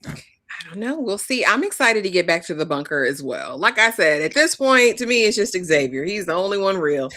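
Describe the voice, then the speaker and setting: A woman hosting a casual live TV recap, talking in a relaxed, conversational way and wrapping up the show. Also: on the low side, moderate pace, no echo, studio quality. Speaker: host.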